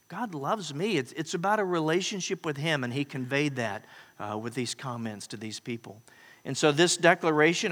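A man delivering a sermon with a bright, ringing tone that sits slightly high. He moves from quiet, intimate asides to loud, emphatic declarations. His voice carries through a large hall with a long trailing echo. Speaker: pastor. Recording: preacher in a large reverberant hall.

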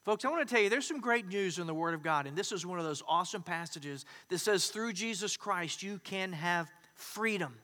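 High, bright-voiced preacher in a reverberant hall. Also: male voice, animated, moderate pace, few pauses. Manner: emphatic preaching, swinging from loud declarations to hushed asides. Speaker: pastor. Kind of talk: sermon.

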